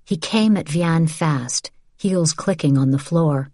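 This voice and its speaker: Reading scripted audiobook narration, a woman keeps her storytelling measured and even. She speaks in a low voice, recorded cleanly in a studio with no room sound.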